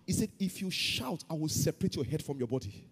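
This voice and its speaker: Husky-voiced pastor preaching. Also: male voice, on the high side, sing-song, fast talker, long reverb tail. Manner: swings from loud chanted prayer to quiet storytelling. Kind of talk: sermon. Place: church hall.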